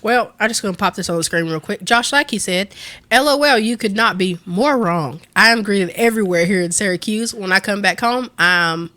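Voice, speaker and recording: A woman's voice: medium pitch, moderate pace, sharp tone. A woman with a Southern accent, co-hosting a casual chat and reading viewer questions aloud with frequent giggles. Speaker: co-host.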